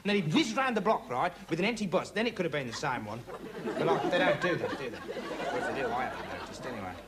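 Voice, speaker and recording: A dim rambling would-be investigator. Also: male voice, fairly high pitch, sing-song, fast talker, a loud crowd. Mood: earnest rambling. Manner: meandering, earnest, full of 'like' and 'right'. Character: dim rambling young man playing a self-styled investigator. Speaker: comic investigator character. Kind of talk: rambling comic monologue to camera. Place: TV studio before a live audience. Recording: TV studio with audience laughter and noise.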